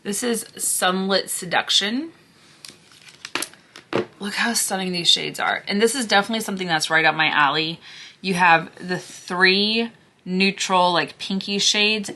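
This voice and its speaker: Hoarse woman host, casual gushing declutter chat with hushed asides; low but bright, forceful tone. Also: measured pace, a little hiss or hum. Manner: chatty, gushing, drops to a hushed near-whisper over swatches. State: hoarse, losing her voice. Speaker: beauty vlogger.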